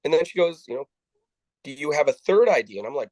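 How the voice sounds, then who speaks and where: Halting man telling a story. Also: on the high side, lively intonation, mellow, no echo, rough recording. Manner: halting, with frequent restarts and repeated words; acts out the dialogue of people he quotes. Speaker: interview guest. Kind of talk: conversational storytelling.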